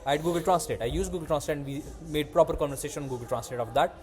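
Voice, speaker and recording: A man's voice: fairly high pitch, very fast. A young man hosting a podcast, telling a story in casual chat and acting out the voices of people in it. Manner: animated, acts out quoted voices.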